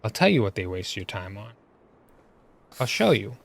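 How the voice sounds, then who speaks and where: A man's voice: on the low side, very animated, normal speed, vocal fry, slight background noise. Exasperated man ranting over gameplay. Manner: exasperated, full of rhetorical questions. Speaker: gaming video creator.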